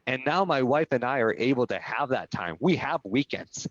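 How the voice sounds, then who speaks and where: This guest, a real estate brokerage executive, speaks at normal speed with a medium-pitched, animated voice. Interviewed over a live video call, he earnestly recounts a personal story and keeps asking "right?", with dry, dull lo-fi sound and no echo.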